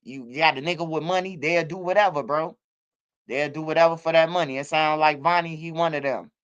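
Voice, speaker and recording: A middle-aged man riffs in casual streaming commentary. His voice sits high and sounds bright and smooth. He drifts loosely from point to point and keeps dropping in bro and man. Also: fairly even intonation, a little fast, lo-fi sound. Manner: loose, streetwise, repeats words like bro and man. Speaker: commentary channel host.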